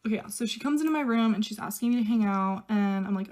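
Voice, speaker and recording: A woman's voice: mid-range voice, fast, a little mellow. A young woman chatting casually through a get-ready-with-me storytime, filling every sentence with "like" and quoting others in her own voice. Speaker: au pair telling a story.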